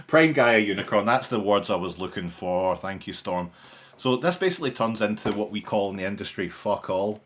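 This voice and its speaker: A man's voice: fairly low pitch, expressive, normal speed, a bit bright, slight background noise. A young man hosting a live stream in casual chat, with dry, sarcastic humour and a rambling way of talking. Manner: rambling, with frequent restarts and fillers.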